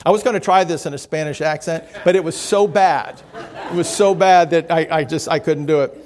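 A man preaching a sermon, telling stories and reading quotes aloud, slowing down for emphasis. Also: a little high, a little mellow. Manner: measured storytelling, reads quotes aloud, slows for emphasis. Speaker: pastor.

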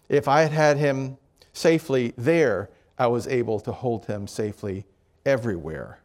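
A middle-aged man preaching a sermon as pastor, telling stories with frequent restarts, his voice rising for emphasis and dropping low on key points. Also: a little mellow.

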